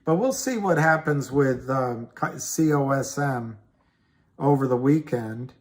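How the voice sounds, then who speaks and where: A man hosting a casual livestream, chatting slowly and rambling while reading viewer comments aloud. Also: medium pitch, animated. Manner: slow, rambling, reads chat comments aloud. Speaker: livestream host. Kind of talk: casual livestream chat about stocks.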